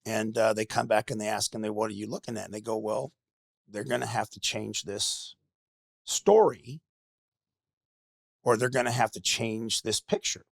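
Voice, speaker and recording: A middle-aged man with a low, gravelly voice tells his story in halting bursts, repeating words as he restarts. The sound is close and dry with no room around it. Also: no echo. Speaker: podcast guest. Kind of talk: candid personal storytelling.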